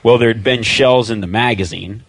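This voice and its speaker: A man in casual podcast conversation, telling a hunting story with lively animation and acting out what others said. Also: mid-range voice, moderate pace, no echo. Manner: animated storyteller, acts out quoted voices. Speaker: podcast guest.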